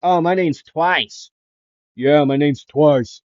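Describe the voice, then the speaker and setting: A man voicing an unstable male villain who argues loudly with himself, in a raised, strained voice on a dull, dry recording. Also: fairly high pitch, slow pace, dry recording, pitched above the performer's own voice. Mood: bickering. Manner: loud, strained, bickering with himself.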